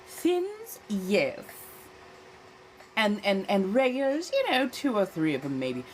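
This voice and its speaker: A woman's voice: mid-range voice, sing-song, moderate pace, a little hiss or hum. A woman hosting a casual livestream chat in an affected old-fashioned American accent, languid and theatrical, calling her viewers darling. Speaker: livestream host.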